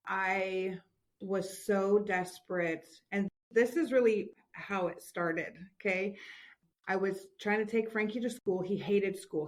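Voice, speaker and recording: Earnest woman telling a hard story. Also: medium pitch. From Washington state, USA. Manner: candid, earnest, close to tears at times. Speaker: podcast guest, parent. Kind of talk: emotional personal storytelling.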